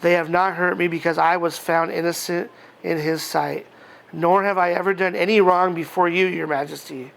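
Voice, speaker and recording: A man with a high voice and a gravelly, fry-edged texture delivers a casual sermon. He reads scripture passages aloud and talks through them conversationally, with plenty of fillers and small chuckles along the way. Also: moderate pace. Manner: relaxed, chatty, frequent fillers and chuckles. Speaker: pastor.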